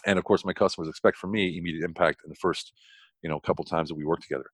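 A middle-aged American man speaks quickly in a fairly low voice, with the dry, close sound of a mic in a quiet space. He tells his stories with eager energy, stumbling over restarts and leaping up in pitch when he wants to stress something. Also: fairly even intonation, slightly rough, no room sound. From United States. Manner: fast, enthusiastic, frequent restarts, jumps high in pitch for emphasis. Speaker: podcast guest, consultant. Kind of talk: animated storytelling interview.

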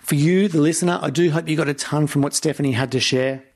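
A man's voice: on the high side, quick pace. A man hosting a podcast interview, upbeat and effusive as he thanks his guest. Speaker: podcast host.

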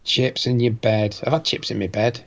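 A man's voice: medium pitch, fairly even intonation, moderate pace. A man co-hosting a casual podcast in a teasing, laid-back way. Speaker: podcast co-host. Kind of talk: casual chat. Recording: dull lo-fi sound.

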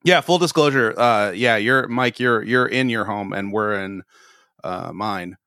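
A male podcast host chatting loosely and laughing at his own jokes, a bit tipsy. His voice sits at an ordinary pitch and sounds dry and close on the studio mic. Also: a little slow, sharp tone, no echo. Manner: rambling, laughs a lot, a little tipsy. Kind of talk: casual chat.

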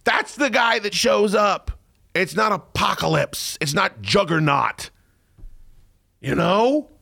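A man hosting a podcast in casual chat, excitable and profane, often breaking into loud shouting. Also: sits high, slow, gravelly. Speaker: podcast host.

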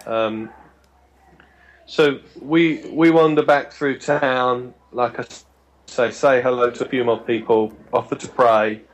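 Appearing as a podcast guest, a man tells a long anecdote in a chatty, halting way, frequently restarting his words and briefly mimicking the people he quotes. His middle-pitched voice stays fairly even in intonation and slow in pace. The recording is rough.

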